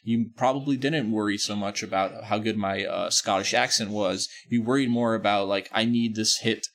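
A man hosts a podcast in loose conversation. His voice is low with a gravelly rasp. He rambles, stresses his points and corrects himself mid-sentence. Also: moderate pace, fairly bright tone. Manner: rambling, emphatic, self-correcting. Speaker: podcast host. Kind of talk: casual podcast chat.

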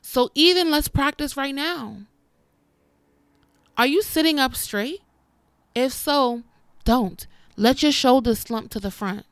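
Sassy twenties woman chatting to her viewers, smooth clear voice, dry close sound, calls everyone honey. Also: sits high, slow, long pauses, dry recording. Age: 20s. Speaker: vlogger. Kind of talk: casual talk to camera.

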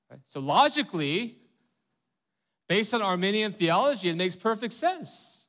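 A man's voice: sits high, very animated, measured pace, fairly bright tone. A man preaching a sermon as pastor, talking in a conversational way and asking rhetorical questions, often checking in with "right?" and "okay?".

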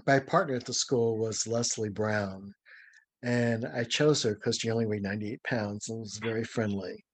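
An older man, a former ballet dancer, telling lively, dramatic stories as an interview guest. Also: medium pitch, no echo. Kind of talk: anecdotal storytelling.

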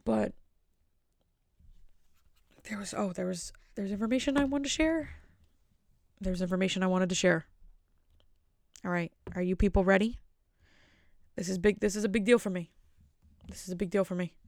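A woman's voice: lowish voice, fairly even intonation, normal speed, creaky, long pauses, darkish tone, no room sound, clean studio sound. A woman hosting her own podcast at home, talking in a loose, rambling way and joking at her own expense. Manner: rambling, self-mocking jokes. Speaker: podcast host. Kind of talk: casual solo podcast chat. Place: at home with family asleep.

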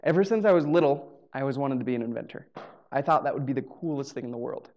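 At a live show venue, a man tells a personal story on stage, casual and humorous, acting out the dialogue. He talks fast in a medium-pitched, slightly mellow voice, and the highs are cut off.

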